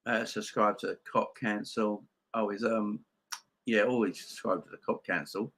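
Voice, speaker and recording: A man with a low, hard-edged, pushy voice, hosting a fan live stream and firing back at viewer comments. He hammers his points home by repeating them and keeps calling his viewers "guys". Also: steady tone, a little slow, bright, forceful tone. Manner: emphatic, repeats himself, addresses viewers as guys. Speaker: host of a football fan channel.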